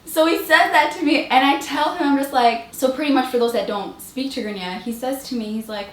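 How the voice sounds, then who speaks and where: A woman's voice: high-pitched, brisk, few pauses, slight background noise. Chatty young woman in a roomy space. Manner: chatty, filler-heavy, breaks into laughter. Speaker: beauty vlogger. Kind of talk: casual storytelling to camera. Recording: roomy echo, faint ambience.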